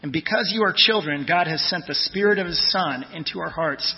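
A fairly high-voiced man preaching a sermon, his delivery conversational and his phrase endings fading quietly. The audio is dull and lo-fi, with a long church reverb behind him. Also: a little fast, gravelly. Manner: conversational, tells personal stories, trails off softly at phrase ends. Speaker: pastor.

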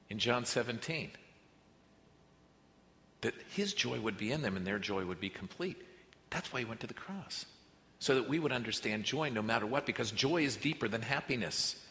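A man preaching a sermon as pastor, earnest, moving between quiet reflective passages and emphatic rises. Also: medium pitch. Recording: reverberant hall with faint noise.

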